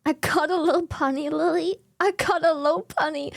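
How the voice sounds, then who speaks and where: A young woman hosting a livestream, chatting casually with a giggly, swearing, animated manner on a desk mic. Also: sits high, moderate pace, gravelly. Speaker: livestream host. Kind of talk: casual chat with stream chat.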